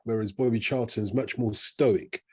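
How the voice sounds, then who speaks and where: A man's voice: fairly low pitch, steady tone, a little slow, breathy edge. A man co-hosting a casual football chat podcast, reflective, working his way around each point. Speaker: podcast co-host.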